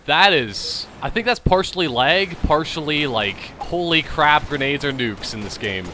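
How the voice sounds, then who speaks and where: Lively, bright-voiced tipsy gamer guy. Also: fairly high pitch, measured pace, slight background noise. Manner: rambling, jokey, self-amused. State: tipsy from drinking. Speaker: gaming channel host. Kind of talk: casual gameplay commentary.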